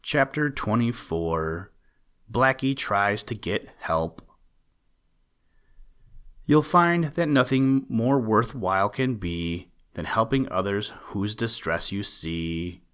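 Man, fairly low voice, audiobook narrator, children's animal tale, measured pacing, gentle emphasis.

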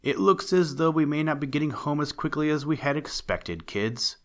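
Male narrator voicing a gentle dad in a spacefaring storybook, calm and low-key. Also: moderate pace, natural voice. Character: kind, unselfish father on a spaceship.

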